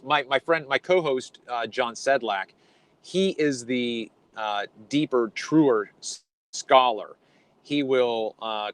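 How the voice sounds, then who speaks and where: A man's voice: mid-range voice, fairly bright tone, poor audio. A man co-hosting a conversation, explaining Bible translation in a hesitant, teacherly way with frequent ums and restarts. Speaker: podcast co-host.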